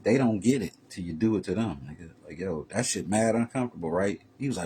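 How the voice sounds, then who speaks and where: A man vlogging a profane, heated street-talk rant that swings from low muttering to loud raised bursts. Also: sing-song, fairly quick, few pauses, slight background noise.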